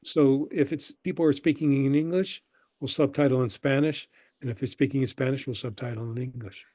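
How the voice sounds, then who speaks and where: An older man, a guest on an interview show, telling relaxed stories about his past and acting out the people he quotes. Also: mid-range voice, fairly quick, no echo, clean studio sound. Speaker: guest, screenwriter and professor. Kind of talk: conversational interview storytelling.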